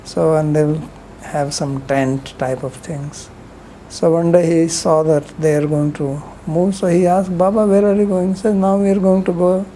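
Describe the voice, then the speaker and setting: Lady giving a scripture talk, chatty and rambly, kinda low voice, little bit of hiss. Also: steady tone, moderate pace, few pauses, mellow, rough recording. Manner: rambling, conversational, frequent "you know" asides. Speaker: scripture lecturer. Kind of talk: storytelling lecture on scripture.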